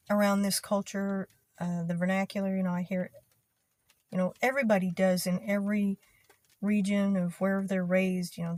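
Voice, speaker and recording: A young woman with a soft Texas twang talks to her channel in a relaxed, meandering way. She pauses often, fills gaps with ums, and keeps an easygoing, conversational flow. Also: medium pitch. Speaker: video creator. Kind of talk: casual talk to camera.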